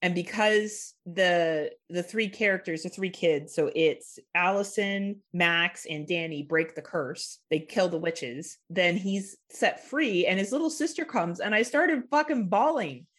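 A woman's voice: lowish voice, measured pace, few pauses, fairly bright tone. A woman co-hosting a podcast, chatting casually and animatedly about a film, swearing and laughing often. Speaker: podcast co-host. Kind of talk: casual film review chat.

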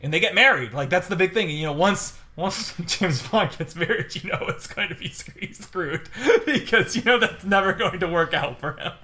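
Podcast co-host, male, tense and bright tone, casual and animated, lots of fillers. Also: high voice, normal speed, few pauses. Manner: rambling, animated storytelling with many fillers and laughs. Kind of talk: casual chat.

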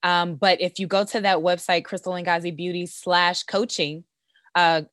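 A woman's voice: on the low side, little pitch movement, moderate pace, fairly bright tone, dry recording, clean studio sound. A woman, a beauty business owner and coach, talking confidently in a podcast interview with many "you know"s. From United States. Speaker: esthetician and business coach guest.

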